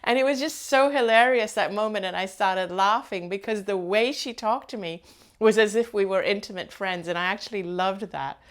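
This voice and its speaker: A woman's voice: medium pitch, moderate pace. A woman hosting her own channel, chatting casually to viewers with rambling asides and frequent laughs. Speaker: host.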